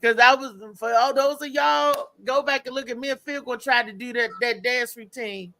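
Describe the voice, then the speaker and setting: High gravelly woman host. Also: moderate pace. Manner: animated, laughs often. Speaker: show host. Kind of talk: casual live show chat.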